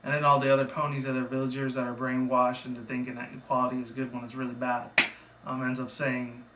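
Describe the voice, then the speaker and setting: A man's voice: medium pitch, monotone, fast talker, recorded from a distance, very noisy. A man casually recapping a cartoon episode in a rambling, loose way, with profane asides. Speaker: reviewer. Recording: echoey room, away from the mic.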